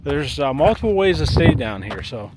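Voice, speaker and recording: A man's voice: on the high side, animated, fairly quick, gravelly, noisy background. A middle-aged man giving an easygoing, matter-of-fact walking tour of a lakeside campground outdoors, thinking aloud as he goes. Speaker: RV travel vlogger. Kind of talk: casual walking tour commentary. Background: background music.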